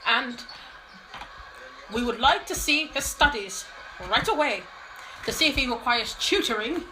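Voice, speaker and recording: A woman's voice: high-pitched, lively intonation, a little slow, sharp tone, a little hiss or hum, low-quality recording. A woman with a Midwestern accent joking and giggling in casual comedy chat. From Wichita, Kansas. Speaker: vlogger.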